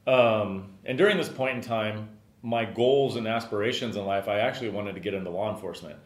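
Low-voiced man telling stories in a roomy space. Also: brisk. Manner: rambling, frequent "you know" fillers. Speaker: podcast host and business owner. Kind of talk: casual storytelling. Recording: roomy echo.

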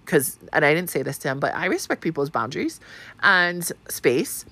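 Woman host, low-pitched, dry close mic, animated profane storytelling. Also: normal speed, no room sound. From Hawaii. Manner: animated, profane, acts out quoted voices. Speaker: podcast host. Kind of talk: casual storytelling monologue.

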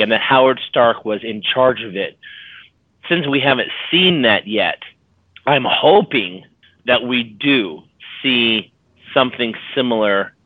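A man's voice: medium pitch, no echo. A man co-hosting a fan podcast in casual chat, rambling and restarting as he muses about the story. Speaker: podcast co-host. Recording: dry, tinny phone-like audio.

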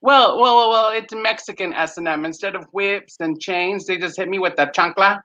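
Stand-up comic from Texas, bright tense tone, slightly dull podcast audio, animated punchlines. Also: male voice, high-pitched, moderate pace. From Texas, USA. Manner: animated punchline delivery with shouted put-on voices. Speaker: stand-up comedian guest. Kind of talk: stand-up comedy set.

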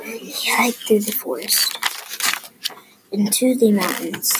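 A woman gently reading a children's story aloud, at times dropping to soft whispery tones. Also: medium pitch, takes it slowly, pauses often, heavy background noise. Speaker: story reader.

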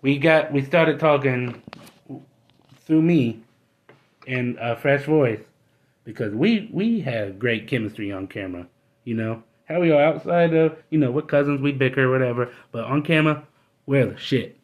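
A man's voice: mid-range voice, moderate pace, muffled recording. A man hosting his own podcast alone, ranting bluntly and with a lot of swearing, and he gets worked up as he talks. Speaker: podcast host. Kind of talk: casual ranting monologue.

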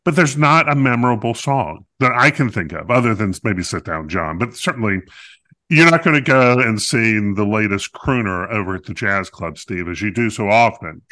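A man with a lowish voice and a bright, forceful edge, chatting casually as a podcast co-host. He talks in a loose, playful way, full of ums and restarts. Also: lively intonation, normal speed. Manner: talkative, playful, many fillers and restarts. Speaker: podcast co-host reviewing a musical. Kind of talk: casual chat.

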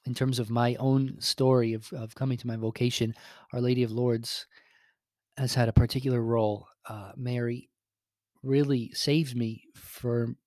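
A man's voice: medium pitch, flat delivery, normal speed, a little mellow, no room sound, clean studio sound. A young man, a priest and school chaplain, giving a chatty spoken update full of ums and little asides.

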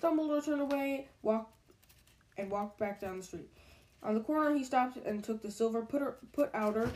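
Storybook reader, woman, mellow warm tone, steady pace, rereads stumbles. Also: on the high side, slight background noise, poor audio. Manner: steady, unhurried, rereads slips. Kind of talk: storybook read-aloud.

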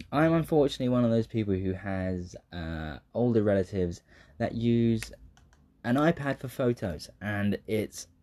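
A man's voice: fairly low pitch, animated, measured pace, a little mellow. A young man with a southern English accent talking casually in a rambling monologue, swearing freely, laughing often and drifting into tangents. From southern England.

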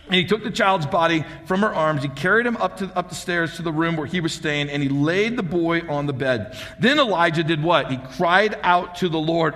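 High, bright-voiced man preaching in a hall. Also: normal speed, few pauses. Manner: emphatic preaching, asks the crowd rhetorical questions. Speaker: pastor. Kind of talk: sermon. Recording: long hall reverb.

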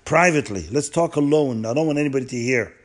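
A man's voice: medium pitch, fast, lightly acted. A man voicing a wise, holy old rabbi who earnestly instructs and reassures a traveler. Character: wise holy old male rabbi giving urgent counsel.

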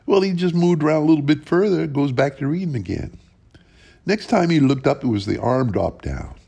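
A man telling an old ghost folk tale in a plain, unhurried folksy way, with lively rises in his voice. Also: on the high side, vocal fry, breathy edge. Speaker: storyteller.

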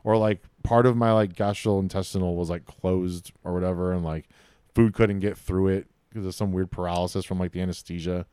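A young man chatting casually in a slightly low, smooth voice, laid-back and loose with swear words. He drops "dude" and "bro" into almost every sentence. The sound is dry and close. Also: fairly even intonation, a little fast, warm tone, no room sound. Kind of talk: casual chat.

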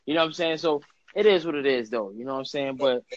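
A man's voice: medium pitch, fast talker, no echo. A Brooklyn man with a New York accent talks in casual, profane chat, hammering his points with repetition. The sound is muffled and lo-fi, with a dry, close feel. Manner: emphatic, profane, repeats himself.

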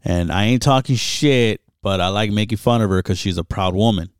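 A man's voice: fairly low pitch, normal speed, smooth, no room sound, clean studio sound. A young adult man co-hosting a podcast, rambling and joking with lots of swearing. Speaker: podcast co-host. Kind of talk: casual profane chat.

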